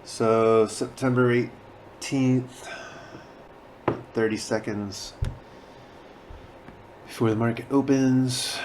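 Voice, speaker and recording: A man's voice: fairly low pitch, a little mellow, a little hiss or hum. A man talking casually through his trading session, sounding sleepy as though he just woke up. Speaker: day trader. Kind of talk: casual trading commentary and voice-over.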